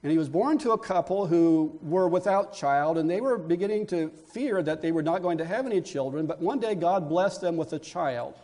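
A man's voice: fairly high pitch, darkish tone. A male pastor preaching a sermon, building emphasis through repeated phrases.

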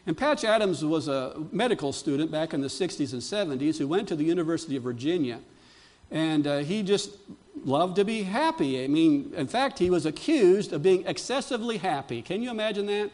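Speaking fairly quickly with lively intonation and a slightly high voice, this pastor delivers a sermon to his congregation. He moves between calm storytelling and fervent, emphatic climaxes, frequently restarting.

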